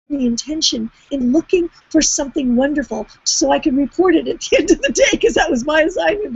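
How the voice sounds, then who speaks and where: A woman's voice: high-pitched, creaky, a little mellow, no room sound. A woman, talking casually in a group call, rambling and restarting often. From Canada. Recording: dull lo-fi sound.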